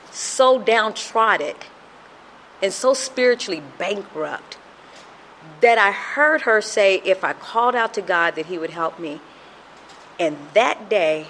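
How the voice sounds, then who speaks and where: A woman's voice: mid-range voice, a bit bright, slight background noise, rough recording. A middle-aged woman sharing a personal recovery testimony in an earnest storytelling manner, acting out the voices she quotes.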